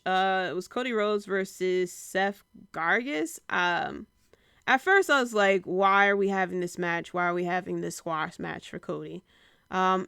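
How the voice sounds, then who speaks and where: Chatty young woman with a smooth, dry voice. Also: medium pitch, dry recording. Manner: chatty, many fillers, quotes people in animated bursts. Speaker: podcast host reviewing wrestling. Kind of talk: casual solo review.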